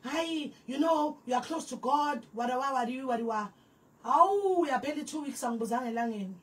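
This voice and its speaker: Brief: young woman with a South African accent, bright high voice, rapid animated storytelling, a bit off-mic. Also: distant mic. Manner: animated, switches between languages mid-sentence. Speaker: guest. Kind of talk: conversational interview storytelling.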